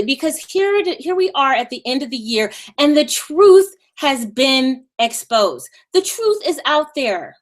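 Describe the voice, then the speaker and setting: A woman hosting a live stream in a casual, sassy way, with a Valley Girl voice and mocking asides. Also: high voice.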